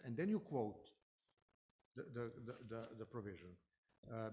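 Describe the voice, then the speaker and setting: Measured male counsel questioning. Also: medium pitch, very animated, mellow. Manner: measured, deliberate, with hesitant restarts. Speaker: counsel cross-examining a witness. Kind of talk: formal legal questioning.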